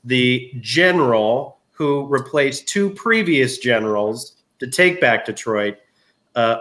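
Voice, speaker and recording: A man guest on a casual podcast, retelling war history in an animated, jokey way. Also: mid-range voice.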